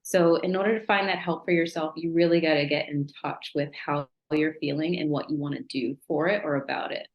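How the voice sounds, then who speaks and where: A lower-pitched woman talks as a podcast guest, earnest and reflective with frequent laughs. Her voice sits in a noticeably echoey room. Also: steady tone, fairly quick, few pauses, lo-fi sound. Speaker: podcast guest, former client. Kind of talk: casual interview chat. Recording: roomy echo.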